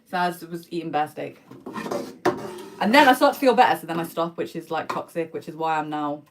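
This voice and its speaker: A woman's voice: sits low, brisk, noisy background. A young woman chatting casually on a live stream while she cooks, slangy and answering viewer comments as she goes. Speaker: livestreamer. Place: home kitchen, indoors.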